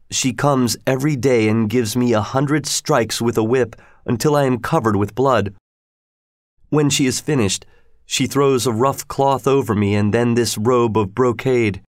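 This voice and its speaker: A man reading a storybook aloud in a measured, even way. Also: mid-range voice, no room sound, clean studio sound.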